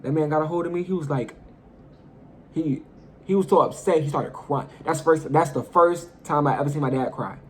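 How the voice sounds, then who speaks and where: A young man telling a personal story in a casual vlog, animated and profane, talking straight to his viewers. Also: on the high side, moderate pace, a little hiss or hum. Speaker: storyteller vlogger.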